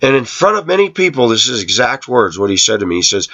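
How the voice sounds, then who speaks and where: A man's voice: mid-range voice, sing-song, fast talker, few pauses, sharp tone, highs cut off. A man hosting his own channel, telling workplace stories in a sarcastic, rambling way. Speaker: YouTube channel host. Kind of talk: casual talking-to-camera monologue.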